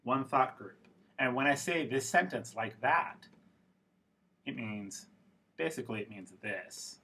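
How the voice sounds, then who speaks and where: A man teaching a pronunciation lesson at an unhurried pace, spelling out each example phrase with care. His voice is bright and forceful, with a husky edge. He sounds like he is demonstrating to a class. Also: medium pitch, lively intonation. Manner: slow, careful, demonstrative delivery with model phrases. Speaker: English teacher.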